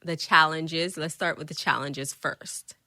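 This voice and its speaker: Bright-voiced woman podcast host. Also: sits low, steady tone, a little slow. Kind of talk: casual conversation.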